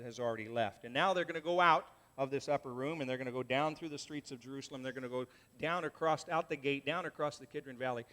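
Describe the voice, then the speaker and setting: A man's voice: medium pitch, a bit bright. A man preaching a sermon as pastor, reading scripture aloud and speaking earnestly and directly to his congregation in a church. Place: church sanctuary. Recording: long church reverb.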